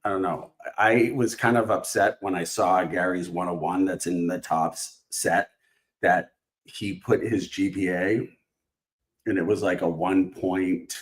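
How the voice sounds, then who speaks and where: A man's voice: deep voice, fairly even intonation, unhurried. A man hosting a casual live stream while opening trading cards, rambling with lots of fillers and restarts. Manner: rambling, filler-heavy, self-interrupting.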